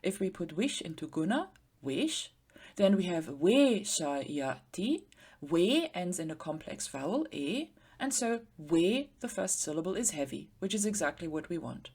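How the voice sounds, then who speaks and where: Low, lively-voiced woman teaching grammar. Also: breathy edge. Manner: patient, slows down to spell out word forms. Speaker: Sanskrit teacher. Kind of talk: explanatory grammar lecture.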